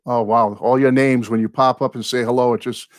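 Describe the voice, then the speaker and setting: An older American man in his sixties hosting a live viewer chat, in a medium voice recorded dry and close. He talks like a rambling storyteller, drifting off into long tangents. He apologizes often and speaks warmly to his regulars. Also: mid-range voice, flat delivery, fairly quick, dry recording. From United States. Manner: apologetic, warm toward viewers. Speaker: host.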